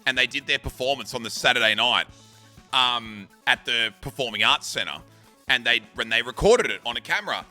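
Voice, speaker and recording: A man in his thirties recounting an anecdote in a loose, animated way, with crude words slipped in throughout. His voice sounds piercingly bright and sharp, and faint music plays behind him. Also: medium pitch, normal speed. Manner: animated, swears, acts out shouts. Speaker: streamer. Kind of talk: casual storytelling.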